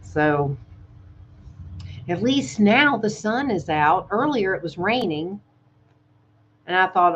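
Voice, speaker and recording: A woman with a Southern American accent chatting casually on a live stream from her home, soft-spoken and openly emotional. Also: mid-range voice, animated, takes it slowly, pauses often, highs cut off, slight background noise. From Southern United States. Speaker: ASMR channel host. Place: home in Thailand.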